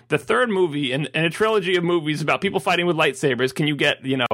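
A man co-hosting a casual podcast about films, animated and acting out characters' lines as he talks. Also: a little high, fast talker, few pauses. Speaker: podcast co-host. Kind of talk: casual film discussion.

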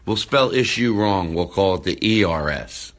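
Excitable male podcast host, bright voice, rambling restarts, phone recording. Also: deep voice, moderate pace. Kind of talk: casual podcast talk. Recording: phone recording, far from the mic.

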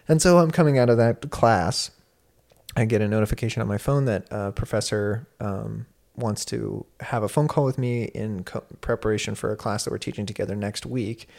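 Young male guest, slightly low pitch, chatty storyteller with lots of fillers. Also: moderate pace, gravelly. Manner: animated, many fillers, laughs while telling. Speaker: university instructor and guest. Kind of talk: casual storytelling conversation.

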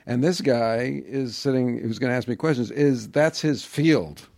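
A man's voice: medium pitch, unhurried, gravelly, darkish tone, no echo. A man as a podcast guest, talking in a reflective, self-deprecating, wry way in casual interview chat on a close mic.

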